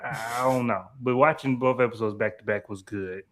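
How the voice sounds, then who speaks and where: A man's voice: mid-range voice, fairly even intonation, normal speed, a bit bright. A man on a live panel, giving his opinions hesitantly and often restarting his sentences. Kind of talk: casual live panel discussion.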